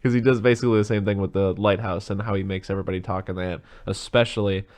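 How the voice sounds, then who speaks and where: A man's voice: lowish voice, fairly even intonation, fast talker, darkish tone. A man co-hosting a podcast, chatting casually about films in a rambling way and swearing freely. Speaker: podcast co-host. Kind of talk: casual movie chat.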